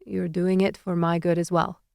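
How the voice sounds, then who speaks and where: Woman doing a short-spoken aloof horse guy, low and quiet, smooth dry voice. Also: flat delivery, normal speed, no echo. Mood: terse. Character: blunt aloof man, a horse in human form.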